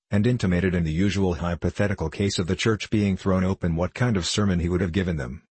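A man reads a novel aloud in measured, first-person storytelling. His voice is low and husky, recorded dry and close with no room sound. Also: darkish tone, dry recording. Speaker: audiobook narrator. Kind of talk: scripted narration of a novel.

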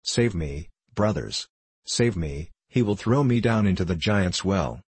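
Male reader voicing a surly drunk coach driver; deep, husky, mocking. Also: expressive, unhurried, darkish tone, dry recording, exaggerated voice. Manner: mocking, wheedling pleas. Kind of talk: audiobook character reading.

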